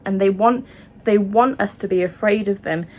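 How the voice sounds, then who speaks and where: A woman speaking her opinion in a vlog, emotional and impassioned, halting with frequent restarts and ums. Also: medium pitch, darkish tone. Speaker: vlogger.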